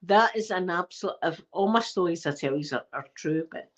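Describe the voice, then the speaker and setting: Animated Scottish woman telling stories. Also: on the low side, a little fast. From Scotland. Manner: animated, emphatic, repeats herself. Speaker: channel host. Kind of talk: casual storytelling to a live chat.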